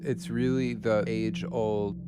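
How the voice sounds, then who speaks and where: A man hosting a podcast, adding calm, soft-spoken asides in a casual interview chat. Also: on the low side, takes it slowly. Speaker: podcast host.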